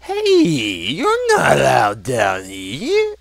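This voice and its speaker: A man's voice: on the high side, huge pitch swings, very slow, creaky, no echo, exaggerated voice. A man voicing a nervous male prison guard in a shaky voice. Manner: shaky, hesitant.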